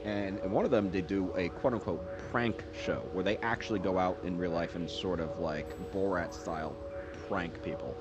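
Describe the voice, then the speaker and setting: Deep-voiced, rambling male gaming streamer. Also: moderate pace. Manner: rambling, laughing storyteller. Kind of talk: casual gameplay commentary. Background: game music.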